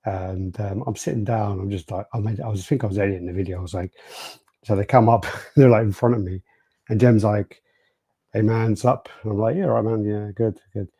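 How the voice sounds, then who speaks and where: A man's voice: on the low side, steady tone, a little fast, mellow, slightly rough, dry recording. A British man co-hosting a podcast, casually telling stories and reading out live chat messages. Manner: rambling storyteller, acts out quotes. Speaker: podcast co-host.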